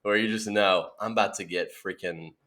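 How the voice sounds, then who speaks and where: A young man with a fairly low speaking voice trades childhood stories on a casual podcast. He laughs often and jumps up into a high voice to act out what he said. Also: normal speed. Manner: animated storyteller, laughing often, acting out quotes in a high voice. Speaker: podcast co-host. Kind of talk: casual chat.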